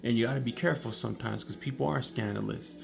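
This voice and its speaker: A man's voice: mid-range voice, quick pace, vocal fry. A man casually telling comedic stories in a blunt, profane way. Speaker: storyteller. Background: background music.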